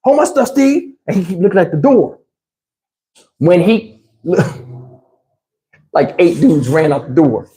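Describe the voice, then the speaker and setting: Hosting a casual storytime, a man with a slightly high voice speaks slowly and leaves long pauses. He's animated, acting out the quotes in his tale and laughing along the way, though the audio is poor.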